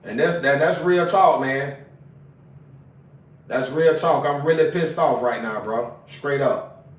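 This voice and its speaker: A man's voice: mid-range voice, slow, recorded from a distance. A man on a casual livestream, talking in an agitated, profane way and repeating himself, recorded away from the mic. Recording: roomy sound, away from mic.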